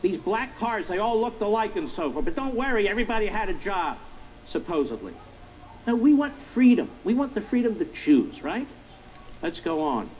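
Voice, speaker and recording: A man's voice: sits high, sing-song, normal speed, darkish tone, low-quality recording. A middle-aged man hosting a political commentary monologue, emphatic and repetitive, firing rhetorical questions at his listeners. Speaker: talk show host.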